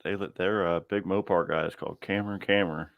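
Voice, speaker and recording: A man's voice: sits low, fairly even intonation, fairly quick, no echo, phone-quality sound. A man hosting a live chat from his garage, easygoing, chuckling often and trailing off mid-sentence. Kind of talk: casual chat.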